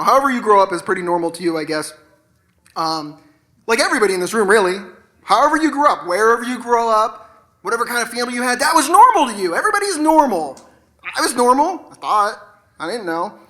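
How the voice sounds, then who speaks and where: A man in his forties works through a self-deprecating stand-up set on stage, loose and conversational, with casual swearing. His voice is bright and forward. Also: very high-pitched, big pitch swings, quick pace. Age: 40s. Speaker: stand-up comedian. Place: stage at an arts center.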